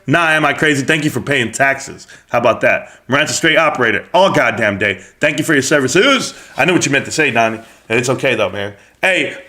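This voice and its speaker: A middle-aged man talks into his streaming mic in a loose, brash live-stream chat, joking and cursing as he answers viewers. His voice sits a little high for a man and has a forceful, bright edge. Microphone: streaming microphone.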